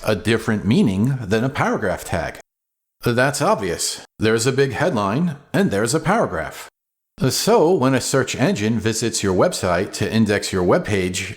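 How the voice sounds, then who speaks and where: A man hosting a web design explainer, reading a script with dry, playful humor. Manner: dry, playful humor with sudden pitch jumps. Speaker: web design video host.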